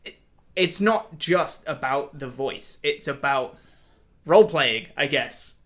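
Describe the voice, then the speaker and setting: A man hosting a casual podcast chat and talking enthusiastically in quick bursts. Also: a little high, lively intonation, a bit bright. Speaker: podcast host and game master.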